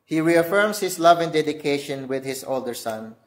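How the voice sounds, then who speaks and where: A man's voice: on the high side, expressive. Earnest Filipino man preaching a sermon. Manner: earnest preaching, slows down to stress pointed questions. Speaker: guest pastor.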